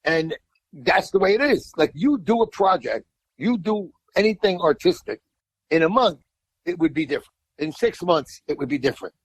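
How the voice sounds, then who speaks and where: A man's voice: sits high, big pitch swings, normal speed, slightly rough, no echo, rough recording. Rambling older man. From New York. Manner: rambling storyteller, repeats words, colorful and blunt. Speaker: guest musician. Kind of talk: casual interview chat.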